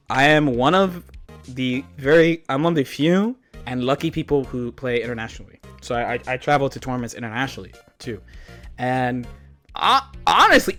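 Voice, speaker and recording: A slightly high-voiced man rambles through tournament stories, swearing freely and laughing often. Light music plays faintly underneath his streaming chatter. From United States. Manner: animated storytelling with frequent laughs and swearing. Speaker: streamer reacting to a video. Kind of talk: casual profane chat.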